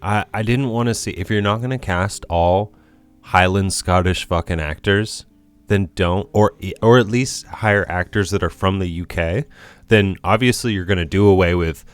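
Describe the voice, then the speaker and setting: A man's voice: low-pitched, moderate pace, soft background music. A man co-hosting a movie podcast, musing at length with many fillers and the odd swear. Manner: rambling, filler-heavy, swears. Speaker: podcast co-host. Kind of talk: casual film discussion.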